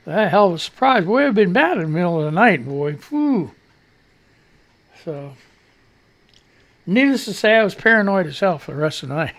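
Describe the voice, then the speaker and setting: A man's voice: high voice, very animated, moderate pace, long pauses, fairly bright tone. A man hosting a live radio show, telling a rambling story in casual chat with fillers and mild cursing.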